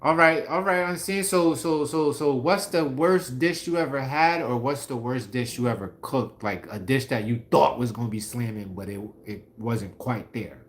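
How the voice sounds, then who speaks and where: A man from New York City with a New York accent, hosting a casual livestream and chatting with viewers in lively slang. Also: medium pitch, normal speed, hardly any pauses. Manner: animated, slangy, laughs often, talks to viewers by name. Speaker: livestream host. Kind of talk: casual live chat reading comments.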